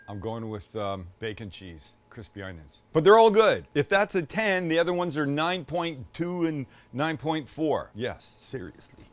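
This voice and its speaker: A middle-aged man hosting a casual cooking show, joking and talking straight to the viewer as he cooks and tastes. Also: medium pitch. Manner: enthusiastic, jokey, talks to the viewer.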